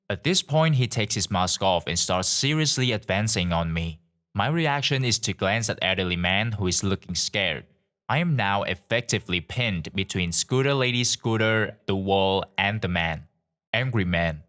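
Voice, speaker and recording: Male narrator for story readings, lowish voice, lively delivery. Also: moderate pace. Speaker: narrator of online stories. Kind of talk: reading forum stories aloud.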